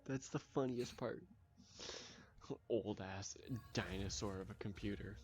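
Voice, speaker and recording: A man's voice: fairly low pitch, measured pace, a little mellow. A man chatting casually with a friend during a game, making dry, short remarks. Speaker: co-host friend. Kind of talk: casual chat over gameplay.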